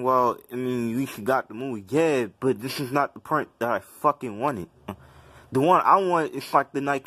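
A man's voice: a little high, a bit bright, slightly rough, no room sound. A young man vlogging to camera, complaining in an agitated, profane, repetitive rant.

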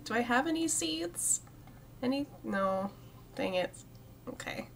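Slow-talking, chatty woman streamer. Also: on the high side, lively intonation, a bit bright, slight background noise. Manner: chatty, talks to the game's plants, giggly. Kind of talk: casual let's-play commentary.

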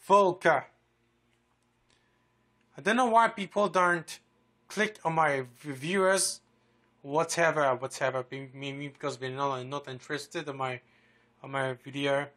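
Bright-voiced rambling man, boastful vlogger. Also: a little high, a little slow, pauses often. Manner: rambling, repeats words, swears a lot, boastful. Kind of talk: rambling casual vlog.

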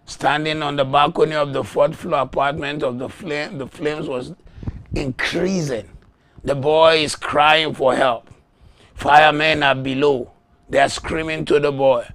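A man preaching a sermon, slow and emphatic, rising to loud shouts when he acts out voices in a story. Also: fairly high pitch, steady tone, dry recording. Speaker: pastor.

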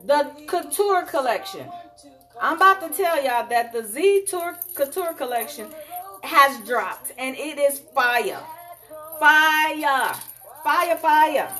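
A woman selling jewelry on a live stream, sassy and animated, calling her viewers honey. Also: high-pitched, measured pace, faint music behind. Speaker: online jewelry seller.

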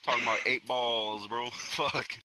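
A man's voice: mid-range voice, fairly even intonation, unhurried, pushed and bright, no room sound, rough recording. A young man from Florida telling a story to friends in a rambling, profane street-slang way. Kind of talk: casual storytelling among friends. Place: online virtual social space.

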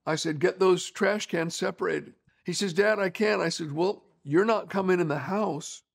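A middle-aged man delivers a sermon in an earnest, conversational way, weaving in stories. His voice sits a little higher than most men's. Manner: earnest, conversational preaching with storytelling. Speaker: pastor.

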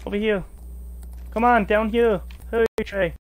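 A man's voice: high-pitched, moderate pace. A man chatting and swearing while playing a shooter game with friends, calling out orders to his squad. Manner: excitable, swears often, shouts to the team. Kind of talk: casual gaming chat over voice.

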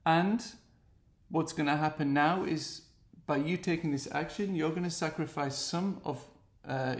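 A man's voice: on the high side, creaky, roomy sound. An English man with an earnest, heartfelt and pleading manner, speaking straight to the camera in a personal video message.

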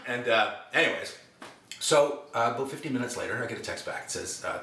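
An actor, telling a personal anecdote in an animated way and acting out quotes. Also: male voice, medium pitch, brisk, far from the mic. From Canada. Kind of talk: anecdotal storytelling. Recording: roomy room, speaker set back from mic.

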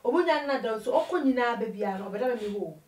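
A woman telling her life story in an interview, an animated storyteller who switches between Twi and English. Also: a little high, quick pace, reverberant, far from the mic, rough recording. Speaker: interview guest.

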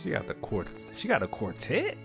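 A man's voice: mid-range voice, wildly swooping pitch, normal speed, vocal fry, music in the background. A man hosting a casual reaction video, talking in a laid-back, rambling, slangy way and sounding a little congested.

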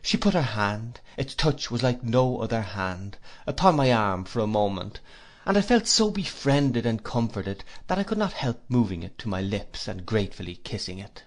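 A man giving a measured, expressive first-person audiobook narration. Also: fairly low pitch.

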